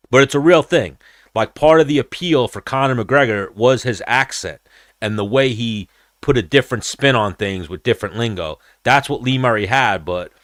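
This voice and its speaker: A man's voice: lowish voice, a bit bright, dry recording, studio quality. A man hosting a combat-sports podcast, talking in a blunt, profane, rambling way. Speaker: podcast host. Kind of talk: casual combat-sports chat.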